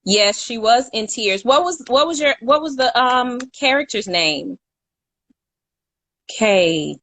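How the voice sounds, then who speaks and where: A woman's voice: a little high, lively intonation, takes it slowly, fairly bright tone. A woman co-hosting a casual talk show, telling a long story in a chatty way and stopping to correct her own slips with a laugh. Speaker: co-host.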